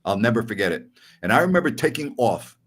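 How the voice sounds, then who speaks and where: Man, low voice, sports radio host, casual storytelling, animated. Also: fast talker, husky. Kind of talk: casual podcast chat, storytelling.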